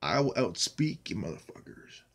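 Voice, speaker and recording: A man's voice: lowish voice, very animated, moderate pace, fairly bright tone, slightly rough. A man ranting angrily and defiantly at his critics in a vlog monologue, swearing constantly and hammering the same phrases over and over. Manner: profane, defiant, emphatic and repetitive. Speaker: YouTube channel host.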